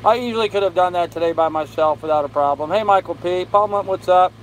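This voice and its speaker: Older man, weary laid-back stream chat, slightly high pitch, phone mic, faint fan and AC hum. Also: rough recording. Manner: tired, slow, greets viewers by name. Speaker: live-stream host. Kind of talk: casual live-stream chat reading comments. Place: on a sailboat with air conditioning and fan running. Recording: faint fan and air-conditioner hum behind.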